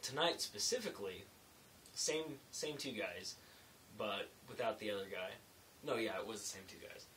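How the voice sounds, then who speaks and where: A man's voice: fairly low pitch, moderate pace, a bit bright, far from the mic, poor audio. A man who works as a construction laborer, telling casual late-night work stories in a loose, rambling way with lots of fillers. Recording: faint hiss, mic set back.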